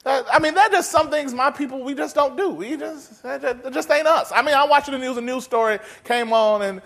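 A man preaching a sermon in a folksy, humorous, animated way. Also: very high voice, a little fast. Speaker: pastor.

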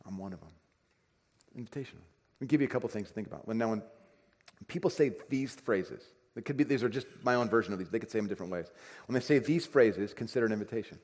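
A pastor preaching a conversational sermon, acting out everyday dialogue. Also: male voice, lowish voice, fast talker, a little mellow. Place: church sanctuary. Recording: reverberant church hall.

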